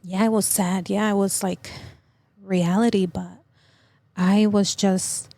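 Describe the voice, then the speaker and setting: A middle-aged woman telling of a personal loss as a podcast guest, in a halting, emotional way full of fillers and restarts. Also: medium pitch, flat delivery, warm tone, dry recording. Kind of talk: personal testimony in an interview.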